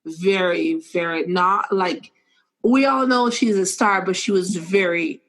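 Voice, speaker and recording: Animated woman host, playful and laughing. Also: fairly low pitch, a little slow. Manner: animated, laughs often, bursts into playful acted quotes. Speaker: podcast host. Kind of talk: casual podcast chat.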